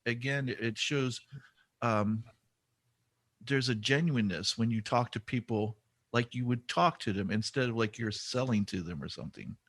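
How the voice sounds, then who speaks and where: A man hosts a podcast interview, recorded dry and close with no room sound. He talks at a middling pitch, enthusiastic and a little rambling, often restarting mid-sentence. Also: moderate pace, fairly bright tone, no room sound. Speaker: podcast host. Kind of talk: casual interview conversation.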